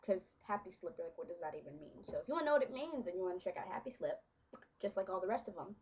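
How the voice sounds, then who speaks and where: A young woman chatting casually to her webcam, full of fillers and quick laughs. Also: medium pitch, lively intonation, a little mellow, muffled recording, a little hiss or hum. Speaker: vlogger. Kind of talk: casual chat.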